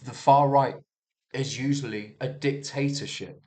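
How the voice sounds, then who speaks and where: A man's voice: mid-range voice, steady tone, unhurried, dark tone. A man riffing on the news in a loose, unscripted monologue. He talks heatedly, trips over his words and restarts sentences often, and swears freely along the way. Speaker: commentator reviewing the news. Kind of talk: casual rambling monologue.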